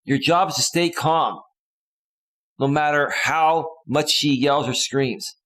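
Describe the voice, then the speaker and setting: A man's voice: fairly high pitch, slow, a bit bright. A male relationship coach giving casual advice in an earnest, lecturing way.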